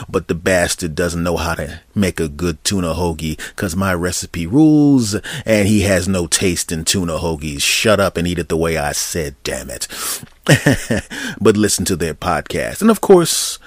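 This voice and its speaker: A man's voice: sits low, dry recording. A man hosting his own solo comedy podcast, rambling and joking with mock threats toward his listeners. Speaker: podcast host.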